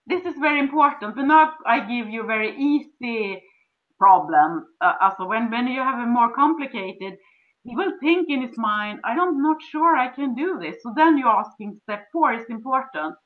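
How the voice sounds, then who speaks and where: A relationship coach with a Swedish accent explains things step by step in an instructional conversation, acting out dialogue in sweet cooing voices. Her voice is a little high and animated at a moderate pace, on a dull lo-fi recording.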